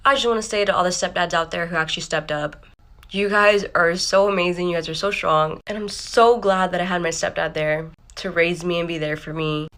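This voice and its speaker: A woman with a somewhat low voice rattles through a personal story at a quick clip. She talks bluntly and candidly, sprinkling in "like" and the odd curse word. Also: fairly even intonation, fairly bright tone. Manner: blunt, candid, peppered with "like" and swearing. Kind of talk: casual storytime.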